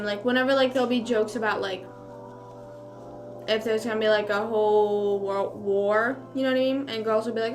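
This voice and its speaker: A woman's voice: on the high side, steady tone, moderate pace, pauses often, slight background noise. A young woman streamer in casual mukbang chat, rambling with lots of fillers and talking while she chews.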